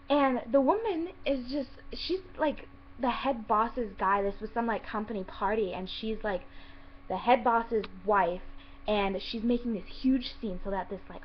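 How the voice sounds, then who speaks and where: Chatty, exasperated young woman vlogger. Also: a little high. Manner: chatty and exasperated, swearing, acting out quotes. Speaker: vlogger telling a work story. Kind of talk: casual storytime vlog. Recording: slightly dull lo-fi audio with faint hiss.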